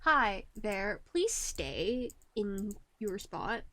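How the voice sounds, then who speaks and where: A woman's voice: mid-range voice, big pitch swings, very slow, bright, forceful tone, no room sound. A young woman streaming live, chatting casually with her viewers, giggling often and teasing them playfully.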